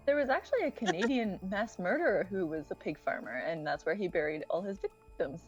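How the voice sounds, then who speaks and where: A woman playing in a tabletop game, animated and chatty. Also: medium pitch, fairly quick, faint music behind. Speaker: player. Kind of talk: casual tabletop game chat. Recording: muffled lo-fi audio.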